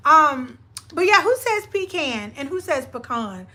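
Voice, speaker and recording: A woman's voice: extremely high pitch, animated, moderate pace, bright, forceful tone. A woman with a Southern US accent co-hosting a live stream in casual chat, playful and laughing often as she talks to her viewers.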